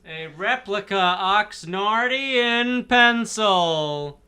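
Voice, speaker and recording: Man, podcast co-host, deadpan, very slow, bright. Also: high-pitched, clear, resonant tone. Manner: terse, deadpan quips. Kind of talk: casual chat.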